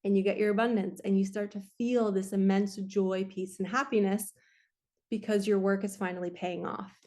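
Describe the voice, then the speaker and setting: A woman's voice: medium pitch, fairly even intonation, normal speed, warm tone. A woman, earnestly giving a casual spiritual card reading. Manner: earnest, emotional, spiritual-coaching talk. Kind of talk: casual tarot-style energy reading.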